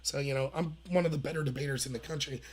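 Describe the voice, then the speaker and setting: A man's voice: medium pitch, fairly even intonation, fast, darkish tone. Heated, sarcastic man hosting commentary. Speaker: political commentary host. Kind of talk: opinionated livestream commentary.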